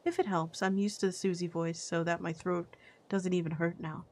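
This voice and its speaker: Playful low-voiced woman streamer. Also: little pitch movement, moderate pace, darkish tone. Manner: playful, chatty, with fillers and restarts. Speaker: streamer and voice actress. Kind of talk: casual chat while reading game dialogue aloud.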